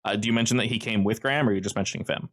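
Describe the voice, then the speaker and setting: A man's voice: fairly low pitch, racing, fairly bright tone. A man running a tabletop role-playing game as game master, narrating casually with fillers.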